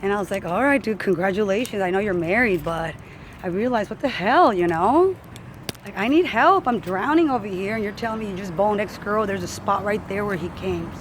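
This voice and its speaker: A woman's voice: medium pitch, fast, slight background noise, low-quality recording. A woman fitness coach telling a personal story in casual talk, acting out what others said. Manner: animated, acts out quoted voices.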